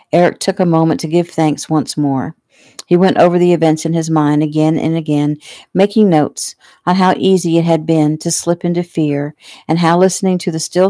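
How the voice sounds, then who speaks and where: A woman casually reading her own novel aloud at home, relaxed and unhurried. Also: low voice, dry recording. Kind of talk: casual audiobook narration.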